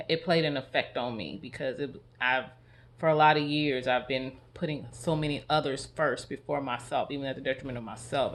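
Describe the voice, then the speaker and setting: A man speaking in a personal, reflective vlog, earnest and confessional, often halting and restarting his sentences. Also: fairly high pitch, a bit bright. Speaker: vlogger.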